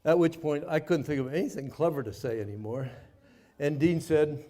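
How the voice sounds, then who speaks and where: An older man giving a speech to a live audience, telling a war story in a folksy, self-mocking way with dramatic pauses. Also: fairly high pitch, dark tone. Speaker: guest speaker, former Navy pilot. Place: party venue before a live audience.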